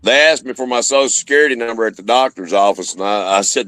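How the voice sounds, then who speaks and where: A man's voice: lowish voice, fast, bright, forceful tone, no echo. Plain-spoken man, dry sound. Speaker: co-host. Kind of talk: casual chat.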